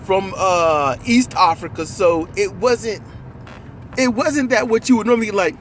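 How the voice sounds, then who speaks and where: A man in casual, animated conversation about a movie, riffing with profanity and acting out lines while riding in a car. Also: high-pitched, unhurried, slight background noise. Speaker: co-host.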